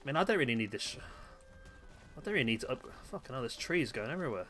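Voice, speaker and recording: A man's voice: medium pitch, big pitch swings, rapid-fire, a bit bright, soft background music. A man chatting casually while playing a game, joking, swearing and laughing often. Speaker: gaming video host. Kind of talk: casual chat while gaming.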